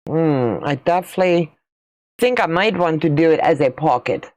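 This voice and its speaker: A woman's voice: sits low, lively intonation, moderate pace, darkish tone. A middle-aged woman, hosting a casual quilting livestream in a chatty, folksy way while answering viewer comments. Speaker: quilting channel host.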